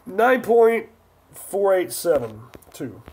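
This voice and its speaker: A man from Northern California hosts a relaxed livestream, rambling through answers as he reads viewer comments aloud. His voice sits noticeably high for a man. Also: slow pace, husky. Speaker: livestream host. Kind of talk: casual live chat answering viewers.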